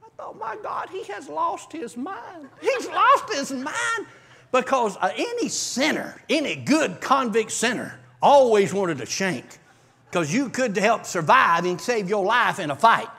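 A man preaching a testimony to a church congregation, telling his story in an animated way with bursts of shouting and laughter. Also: very high voice, measured pace, gravelly, breathy edge. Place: church service.

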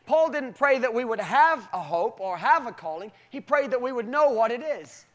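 A man preaching a sermon with animated storytelling and emphatic, halting restarts. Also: very high-pitched. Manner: animated storytelling, often breaking into acted voices.

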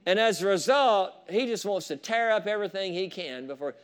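High-voiced fervent male preacher. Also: expressive, a little fast, smooth. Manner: fervent preaching with rising shouts of praise and asides to the congregation. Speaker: pastor. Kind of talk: sermon.

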